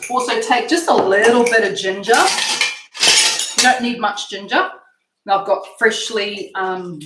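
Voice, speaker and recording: A woman's voice: medium pitch, a bit bright, a little hiss or hum. Bubbly woman in an echoey kitchen. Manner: bubbly, chatty and enthusiastic, laughing often. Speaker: cooking show host. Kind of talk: casual cooking demonstration. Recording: echoey kitchen with clinking dishes.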